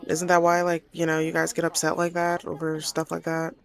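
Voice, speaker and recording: A woman's voice: sits low, monotone, a little fast, creaky. A woman voicing a blunt, clueless guy sim. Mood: puzzled. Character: blunt, clumsy but sweet young man sim.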